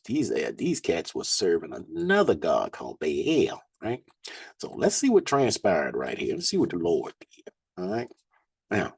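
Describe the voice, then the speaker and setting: A man's voice: deep voice, vocal fry, darkish tone, slightly rough, no room sound. A man, a Bible teacher, reads scripture aloud and breaks in with slangy, laughing asides between verses. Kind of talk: scripture reading with casual commentary.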